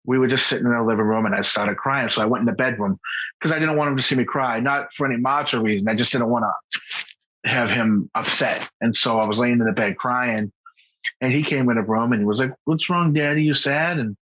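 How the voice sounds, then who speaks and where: Man, podcast guest, husky mid-range voice, halting earnest delivery with frequent restarts, dull lo-fi audio. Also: mid-range voice, a bit bright. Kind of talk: candid personal conversation.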